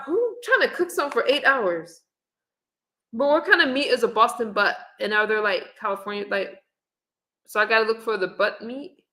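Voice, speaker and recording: A middle-aged woman hosts a relaxed livestream, chatting to viewers straight into her camera. Her voice is bright, and her easygoing manner holds as she reads comments and recipes aloud. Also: mid-range voice. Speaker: livestream host. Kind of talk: casual live-stream chat. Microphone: webcam or phone on camera.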